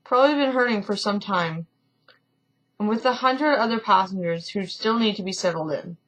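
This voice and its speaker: A woman's voice: mid-range voice, moderate pace, a bit bright, rough recording. A woman reading a story game aloud in a casual let's-play, often stumbling and correcting herself, with chatty asides.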